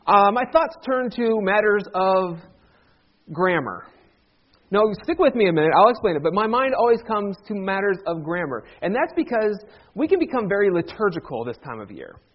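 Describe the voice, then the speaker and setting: High-voiced man preaching with humor. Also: sing-song, normal speed, muffled recording. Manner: joking, conversational, teaching with audience call-and-response. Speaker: pastor. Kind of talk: sermon. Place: church sanctuary.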